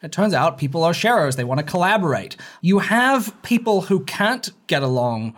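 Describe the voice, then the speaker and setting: Author guest, male, hybrid British-American accent, higher-set voice, argues animatedly with a laugh. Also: moderate pace. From England. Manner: animated, argumentative, laughs often. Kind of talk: casual interview chat.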